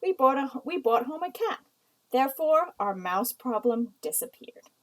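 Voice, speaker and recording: Female writing teacher, a touch high-voiced, patient and explanatory delivery. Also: very animated, low-quality recording. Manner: slow, explanatory, reads example sentences aloud. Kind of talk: recorded writing lesson.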